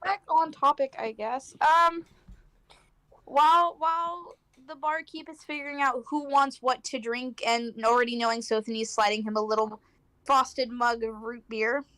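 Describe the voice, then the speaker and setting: High-voiced woman game master, dry sound. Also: fairly even intonation, normal speed, sharp tone, no room sound. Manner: casual, rambling, many fillers and restarts. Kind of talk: narrating a tabletop game.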